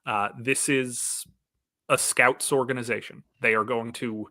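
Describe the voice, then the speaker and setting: Bright-voiced wry male sports reporter. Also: mid-range voice, a little slow, no room sound. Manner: wry, deadpan humor. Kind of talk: casual sports talk.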